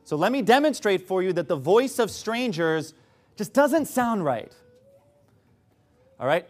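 Male preacher, high voice with lively swings, sarcastic and emphatic delivery. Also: measured pace, long pauses. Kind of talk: sermon.

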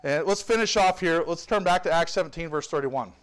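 A man's voice: a little high, brisk, a bit bright. A man preaching a sermon with fervor, reading scripture and adding joking asides. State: tired. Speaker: visiting pastor.

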